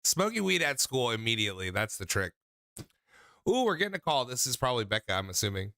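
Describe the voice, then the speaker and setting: Bright, crisp young man hosting call-ins. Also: mid-range voice, big pitch swings, quick pace, no room sound. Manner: loose, rambling storytelling with many fillers. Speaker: host taking calls. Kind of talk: casual call-in chat.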